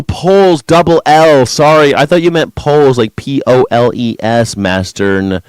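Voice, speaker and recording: A man's voice: medium pitch, clean tone, dry recording. A man hosting a news reaction show, ranting in a sarcastic and profane way. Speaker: host.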